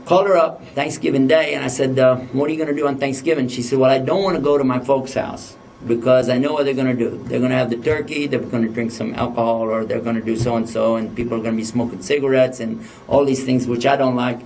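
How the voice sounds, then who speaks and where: A man's voice: medium pitch, fairly even intonation, quick pace, hardly any pauses, darkish tone, far from the mic, slight background noise. Man telling a funny story in a lecture. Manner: humorous, anecdotal, acts out dialogue. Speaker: religious lecturer.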